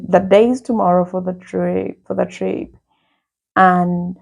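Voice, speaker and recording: Husky woman telling a childhood story. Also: lowish voice. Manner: lively, laughing, acts out quotes. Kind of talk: casual personal storytelling.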